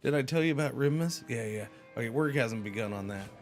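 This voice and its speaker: A man's voice: medium pitch, animated, fast, faint music behind. A man streaming a game, chatting casually and rambling with playful exclamations. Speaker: livestreamer. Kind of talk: casual gaming commentary.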